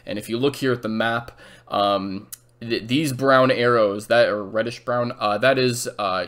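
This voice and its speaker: A man's voice: lowish voice, fairly bright tone. A man teaching a history lesson over a map, casual and full of "uh" and "um", acting out quotes now and then. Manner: filler-heavy, restarts, acts out quotes.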